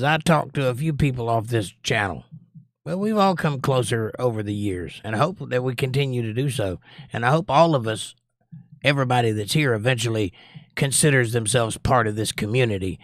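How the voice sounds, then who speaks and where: A medium-pitched man hosts a casual livestream, reading the chat in a lifted voice and then musing on it analytically at length. He comes from Georgia, though his Southern accent is mostly suppressed, and the studio recording is clean with no room sound.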